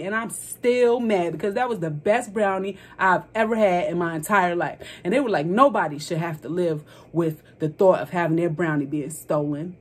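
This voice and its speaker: A young woman vlogger telling a story in a casual, animated way, full of exclamations and playful slang. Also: mid-range voice, normal speed.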